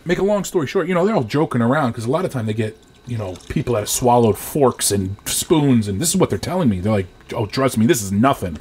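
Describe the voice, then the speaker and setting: A man in his thirties from Rhode Island, co-hosting a podcast and telling a profane, animated story in casual chat. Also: mid-range voice, fast talker, a little hiss or hum. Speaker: podcast co-host.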